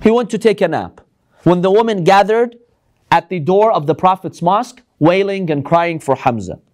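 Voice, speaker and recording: A man's voice: high voice, lively intonation, moderate pace. A man giving a religious lecture to a live audience, arguing with lots of rhetorical questions.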